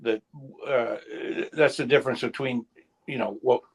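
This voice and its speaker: Gravelly, husky middle-aged man, halting. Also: mid-range voice, steady tone, rough recording. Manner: halting, many restarts and fillers. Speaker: podcast co-host, goalkeeper coach. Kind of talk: casual round-table chat.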